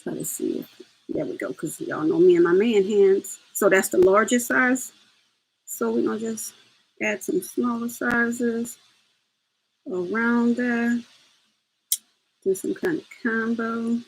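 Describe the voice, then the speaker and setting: Chatty husky woman teaching a craft. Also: fairly high pitch, steady tone, slow, long pauses, poor audio. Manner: chatty, laughing asides, talks to viewers as "y'all". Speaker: crafting tutorial host. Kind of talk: casual step-by-step demonstration.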